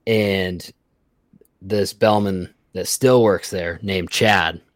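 A man telling workplace stories in a casual, profane, animated way. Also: low-pitched, drawn-out words, no room sound. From Reno area, Nevada. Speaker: podcast guest. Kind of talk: casual storytelling.

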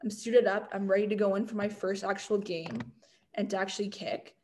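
A young woman from Canada, talking as a guest in a relaxed interview. She tells her stories in a chatty, animated way, with frequent fillers and quick restarts, her voice at an ordinary middle pitch. A faint hiss of background noise sits under her speech. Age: young adult. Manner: chatty, filler-heavy, animated storytelling with laughs. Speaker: guest, college football kicker. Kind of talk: casual storytelling interview.

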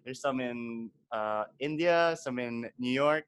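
Man, podcast host, casual chatter, easy laughs, mid-pitched, webcam call. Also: slow, fairly bright tone, clean tone. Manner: laughing, chatty, loose filler words. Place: home, recording over webcam call.

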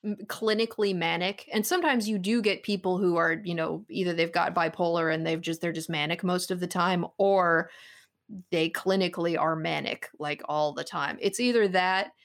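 A woman's voice: on the low side, fairly even intonation, normal speed. A woman co-hosting a podcast, talking at length in casual chat and laughing easily.

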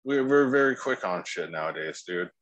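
A man's voice: low-pitched, expressive, moderate pace, a bit bright, dry recording, rough recording. A man co-hosting a casual podcast, laid-back and rambling, swearing freely. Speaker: podcast co-host.

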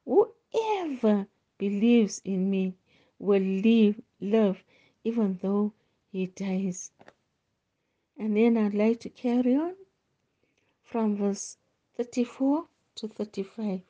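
Slow, mellow woman reading scripture. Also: mid-range voice, expressive, lo-fi sound. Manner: reads aloud slowly with small stumbles and restarts. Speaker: devotional host.

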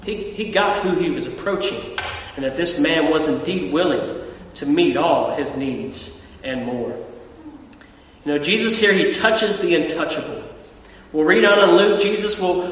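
A man's voice: fairly high pitch, fairly bright tone. A man preaching a conversational sermon as pastor, repeating words and using many fillers. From Australia. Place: church. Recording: echoey hall from far off, dull sound.

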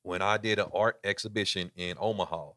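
A deep-voiced man, chatting on a studio podcast. He talks himself up with a boastful edge and laughs often. The sound is dry and close, with little room in it. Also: a little fast, no echo. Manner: boastful, laughs often, animated impressions in quotes. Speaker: host of the awards and event host. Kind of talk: casual studio podcast chat. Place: studio in a cosmetics shop.

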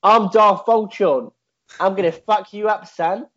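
A swaggering insect warlord throws out gangster threats with hollow bravado, as a man puts him on. The voice sits fairly high, and the sound is muffled and lo-fi. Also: unhurried. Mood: blustering. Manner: tough-guy bluster. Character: swaggering wannabe gangster bug Sith lord, male. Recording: dull lo-fi audio.

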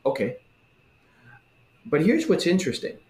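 A man in a casual religious discussion who talks in an animated way and acts out the voices he quotes. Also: fairly high pitch, a little slow. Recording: roomy echo.

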